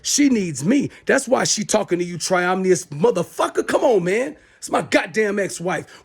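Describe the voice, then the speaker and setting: A man's voice: high-pitched, lively intonation, moderate pace, gravelly, hardly any pauses, slightly rough. A middle-aged man delivering a heated, profane, repetitive rant into his smartphone as the host of his own show. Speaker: self-styled show host. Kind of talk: angry rant to camera.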